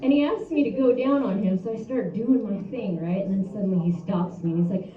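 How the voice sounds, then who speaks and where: A woman's voice: mid-range voice, quick pace. A woman performing a stand-up comedy set at a brewery open mic, telling crude stories in a bold, chatty way. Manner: bold, crude, conversational storytelling. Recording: roomy, distant, dull, noisy live room.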